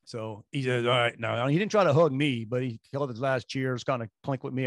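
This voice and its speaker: A man's voice: medium pitch, a little fast, no room sound. A man, co-hosting a talk show and telling a long, rambling anecdote full of restarts. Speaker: radio show co-host. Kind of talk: casual storytelling chat.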